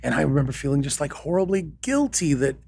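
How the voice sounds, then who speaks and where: A man's voice: fairly high pitch, sing-song, fast, vocal fry, a little mellow, slightly rough. An older man from Canada, a guest voice actor chatting casually on a podcast with wry, self-deprecating asides.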